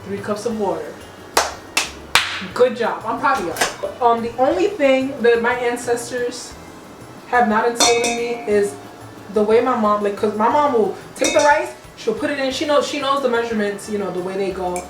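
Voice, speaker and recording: A woman's voice: fairly high pitch, moderate pace. A young woman cooking at home and chatting playfully to her viewers in a casual, slangy way. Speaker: cooking vlogger. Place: home kitchen. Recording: echoey kitchen, mic at a distance. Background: music playing.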